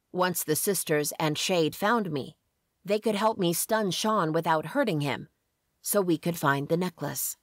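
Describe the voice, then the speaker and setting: A woman reading a first-person story aloud as an audiobook narrator, in a measured, steady way. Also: deep voice, no room sound, studio quality.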